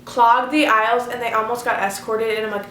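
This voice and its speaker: A teenage girl tells a story in a casual vlog, her voice on the high side, fairly even in intonation, brisk, and a bit bright. She's chatty and gushing, saying "like" constantly, recorded in an echoey room with slight background noise.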